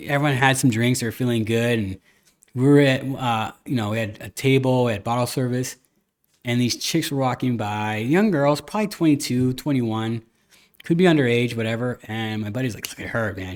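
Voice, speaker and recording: A man talks through a casual podcast chat in a middle-pitched voice. He rambles candidly from one story to the next, acting out bits of past conversations as he goes. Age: adult, a father. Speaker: podcast host.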